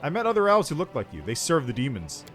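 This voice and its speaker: A man's voice: mid-range voice, wildly swooping pitch, fast talker, faint music behind. A man voicing a blunt, demanding army commander in a fantasy game. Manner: demanding, direct.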